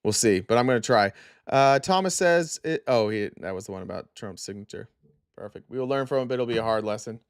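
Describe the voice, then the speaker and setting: A man's voice: mid-range voice, expressive, a little fast, smooth, dry recording, clean studio sound. A tired man hosting a casual live stream, reading viewer comments aloud in a loose, rambling way full of fillers.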